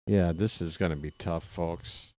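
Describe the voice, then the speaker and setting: A man calling a baseball game live in a casual play-by-play style, chatty and candid, drifting into personal asides between the pitches. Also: fairly even intonation, a little slow, a little mellow, no echo. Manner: candid and self-deprecating. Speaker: play-by-play announcer.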